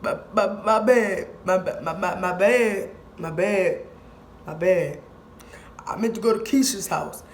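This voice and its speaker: A woman's voice: medium pitch, measured pace, a little hiss or hum, natural voice. A woman doing a sheepish creep mumbling apologies. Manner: mumbling, repeating himself. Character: sheepish creepy young man at the window.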